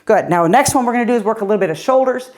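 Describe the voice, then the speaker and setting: This middle-aged woman, a fitness coach, leads a guided cardio workout in a fairly high, darkish voice that's expressive and very fast. Upbeat and encouraging, she counts down reps and cheers the listener on, slightly out of breath as she keeps moving.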